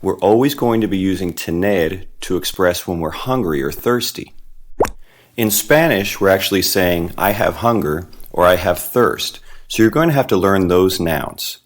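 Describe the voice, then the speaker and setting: A man narrating a beginner language lesson, explaining patiently step by step and slowing down on the foreign words. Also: low voice, lively intonation. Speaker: Spanish teacher.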